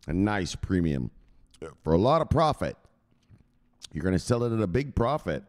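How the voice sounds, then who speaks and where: A man's voice: low-pitched, big pitch swings, normal speed. A man hosting a crypto channel, giving a coarse, swearing motivational rant and constantly asking "right?".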